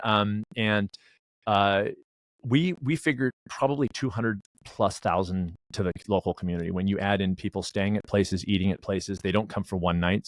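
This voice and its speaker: Fast-talking gravelly middle-aged man. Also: low voice, no echo. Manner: rambling storyteller, acts out dialogue, many restarts. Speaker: wellness director and race director. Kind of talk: casual interview talk.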